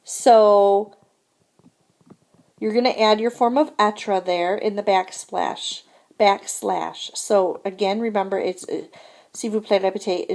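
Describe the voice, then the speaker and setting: A woman's voice: mid-range voice, steady tone, slow pace, gravelly, darkish tone. A woman teaching French grammar in a recorded lesson, patient and repetitive, often checking in with "okay?". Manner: patient, repeats "so again" and "okay?".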